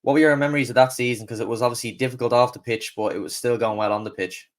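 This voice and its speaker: A young man hosting a podcast, asking questions in a relaxed, conversational way. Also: medium pitch, racing. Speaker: podcast host. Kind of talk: casual interview questions.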